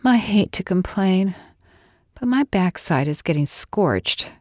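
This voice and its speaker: A woman's voice: fairly low pitch, lively intonation, takes it slowly, no room sound, studio quality, voice pushed up. A woman voicing a wry, sleepy female pilot in a storybook, murmuring in a drowsy way.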